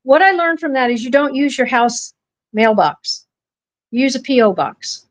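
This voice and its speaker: A woman with a voice pitched a little above the usual, talking in a casual podcast chat. She rambles through anecdotes and stops to correct herself along the way. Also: lively intonation, a little slow. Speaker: podcast host.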